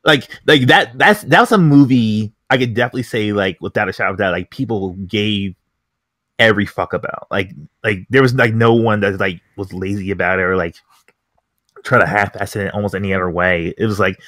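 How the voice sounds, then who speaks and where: A man co-hosting a podcast, rambling excitedly about a movie and saying "like" constantly. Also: fairly low pitch, a little fast, dry recording, clean studio sound. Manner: rambling, heavy use of "like", excited. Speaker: podcast co-host. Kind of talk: casual chat.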